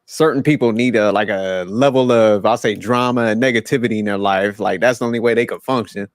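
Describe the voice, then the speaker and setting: A man co-hosting a podcast, reflecting calmly in casual chat. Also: lowish voice, fairly quick, no echo, studio quality. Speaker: podcast co-host.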